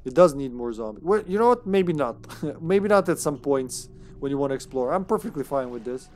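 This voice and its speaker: A game streamer giving chatty live commentary on a horror game, excitable and swearing when startled. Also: medium pitch, a little fast, faint music behind.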